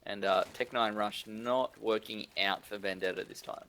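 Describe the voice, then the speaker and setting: A man casting a live esports match, excitable and teasing his co-hosts. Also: lowish voice, moderate pace, a little hiss or hum. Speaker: esports caster. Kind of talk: live game commentary.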